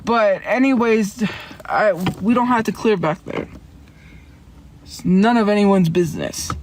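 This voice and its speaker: Against a noisy background, a woman with a medium-pitched voice streams from her car, rambling on defensively and laughing quickly as she answers her chat.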